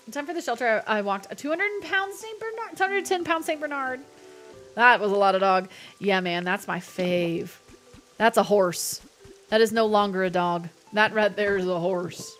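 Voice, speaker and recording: A woman's voice: mid-range voice, expressive, normal speed, fairly bright tone, soft background music. A young adult woman chatting casually while streaming a game, playful and talkative as she reads chat aloud. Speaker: livestreamer.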